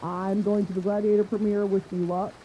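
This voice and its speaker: A woman's voice: medium pitch, little pitch movement, normal speed, mellow, a little hiss or hum, low-quality recording. A woman hosting a podcast in casual chat, rambling enthusiastically and swearing often. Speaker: podcast host. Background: faint rain.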